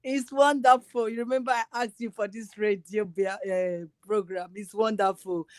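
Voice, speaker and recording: A woman's voice: medium pitch, fairly even intonation, moderate pace, few pauses, no echo, clean studio sound. A woman calling in to a radio program, exuberant, greeting and blessing the host. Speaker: caller. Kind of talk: call-in radio chat.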